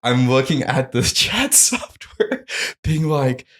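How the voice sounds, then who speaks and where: A man's voice: mid-range voice, very animated, slow pace, fairly bright tone. A man in his thirties hosting a podcast, telling a story animatedly and laughing as he goes. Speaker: podcast host. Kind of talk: casual storytelling interview.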